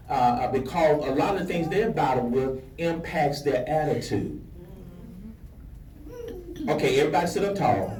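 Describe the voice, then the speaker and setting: Male pastor and life coach, animated and playful, pulls the crowd in; recorded from a distance in a reverberant banquet hall. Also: on the high side. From Alabama. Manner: preacherly, playful, calls for audience shouts. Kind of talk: lively motivational speech to an audience. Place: large banquet hall with an audience. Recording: echoey hall, distant mic, audience noise.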